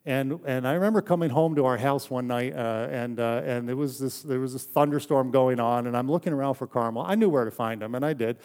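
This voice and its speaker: A man's voice: medium pitch, fairly quick, hardly any pauses. Conversational male pastor preaching. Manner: conversational, anecdotal, drops to a soft hush for emphasis. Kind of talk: sermon.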